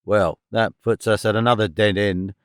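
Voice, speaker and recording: A man voicing an impatient police inspector who presses with brisk questions. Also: fairly low pitch, steady tone, clear, resonant tone, dry recording, clean studio sound, close to an everyday voice.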